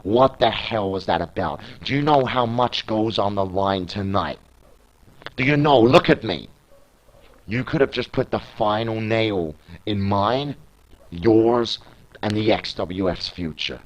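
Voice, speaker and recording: Guy reading out the lines of a stressed angry wrestling boss, scolding, lowish voice. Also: unhurried, lightly acted, low-quality recording. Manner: scolding, demanding questions. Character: angry stressed male wrestling promotion owner.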